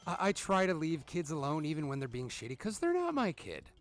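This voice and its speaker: Swearing gamer dad ranting over gameplay, voice jumps all over the place. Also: male voice, a little high, huge pitch swings, fairly quick, faint music behind. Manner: profane, ranting; exasperated reactions to the game. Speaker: gaming channel host. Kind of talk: gameplay commentary with storytelling.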